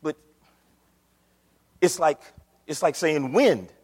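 Animated preacher in a reverberant church. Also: male voice, slow pace, husky. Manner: animated preaching, pitch leaps on questions, folksy talk. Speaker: pastor. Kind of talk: sermon. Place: church sanctuary. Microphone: microphone on a stand.

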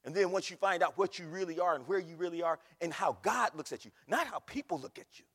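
A man preaching a sermon as pastor, swinging from soft asides to loud shouting, mocking quoted voices along the way. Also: high voice, lively intonation, fast talker, breathy edge. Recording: echoey hall recording.

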